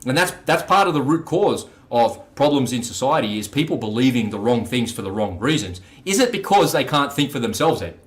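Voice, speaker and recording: A man chats on a podcast in a blunt, swear-heavy way. He spins loose anecdotes and rants, and his voice sits at a middle pitch. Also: sing-song, fairly quick, hardly any pauses. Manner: profane, blunt storyteller. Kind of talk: casual podcast conversation.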